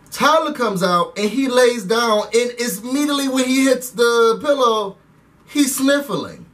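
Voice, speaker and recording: A man giving a chatty, animated recap and rant to his viewers, calling them "y'all" as he talks. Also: very high-pitched, measured pace, far from the mic. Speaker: reality TV recap vlogger. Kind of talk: casual recap rant to camera.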